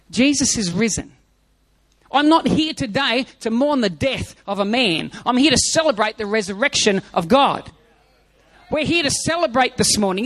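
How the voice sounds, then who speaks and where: A man's voice: very high voice, fairly bright tone, no room sound. A man preaching an Easter sermon, emphatic, with lots of repetition and a told joke. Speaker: pastor.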